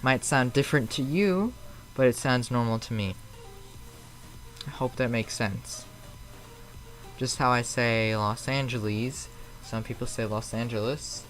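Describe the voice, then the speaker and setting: A man's voice: mid-range voice, a little slow, pauses often, a bit bright, faint music behind, rough recording. A man with a Chicago accent, chatting casually on a live flight-sim stream and answering viewers in a rambling, slightly defensive way. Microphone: streaming mic.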